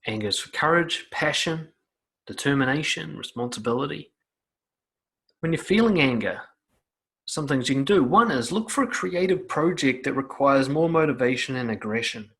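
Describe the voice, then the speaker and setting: A man's voice: medium pitch, lively intonation, moderate pace, fairly bright tone. A man giving blunt, profane self-help advice straight to the viewer in an emphatic monologue.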